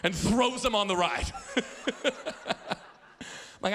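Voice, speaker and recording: A man in his thirties preaches from a church auditorium, telling stories animatedly with playful asides and stammering repeats. He speaks in a high-pitched voice at a moderate pace.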